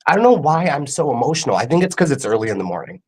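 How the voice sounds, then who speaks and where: A man speaking as a guest over a video call, talking earnestly and quickly about himself, with many fillers. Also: mid-range voice, very animated, husky. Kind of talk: casual interview chat.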